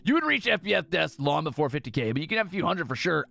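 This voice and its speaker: Animated gravelly male game streamer. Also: a little high, fast talker. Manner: animated, reads game text aloud with excited asides. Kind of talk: casual gameplay commentary.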